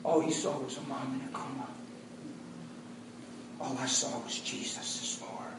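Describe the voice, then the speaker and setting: A man preaching a sermon as an animated storyteller, swinging between loud bursts and hushed asides. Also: medium pitch, measured pace, noisy background. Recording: echoey hall from far off.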